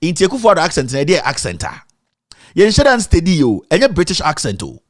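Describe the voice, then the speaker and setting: On the high side and fairly quick, this Ghanaian man's voice swings hugely in pitch as he hosts an online live show. He welcomes viewers by name, then rants animatedly in a blend of Twi and English as casual stream commentary. The audio is clean studio sound without echo.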